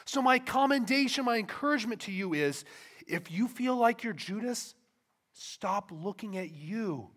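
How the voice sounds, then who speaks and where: A man preaching in a church with a notably high voice. He moves between hushed reflection and loud emphasis, often checking in with rhetorical questions and relaxed asides. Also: moderate pace. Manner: impassioned, swings from soft to loud emphasis. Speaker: pastor. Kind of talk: sermon.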